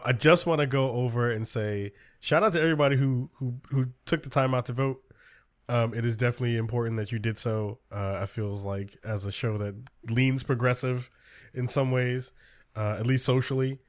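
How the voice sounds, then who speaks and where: A man hosting a casual talk show, running loosely through news with lots of ums and restarts. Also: mid-range voice. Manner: loose, filler-heavy rundown of news. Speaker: podcast host. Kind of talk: casual political chat.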